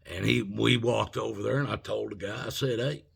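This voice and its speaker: Gravelly, husky man telling a story. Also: fairly low pitch, moderate pace. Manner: animated retelling, acts out both sides of the argument. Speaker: vlogger. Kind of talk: casual storytelling.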